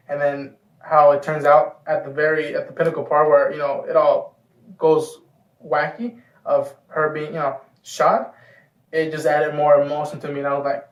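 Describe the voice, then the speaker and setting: A fairly high-voiced man chats his way through a film review, eager and rambling, sometimes swearing. He sits some way back from the mic in an echoey room. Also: recorded from a distance. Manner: enthusiastic, rambling, casual swearing. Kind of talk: casual film review chat.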